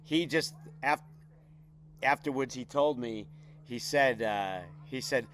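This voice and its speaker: A middle-aged man, telling a lively anecdote as an interview guest and acting out the other people's lines. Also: mid-range voice, slow pace, slight background noise. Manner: animated anecdote with quoted voices. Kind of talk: casual storytelling.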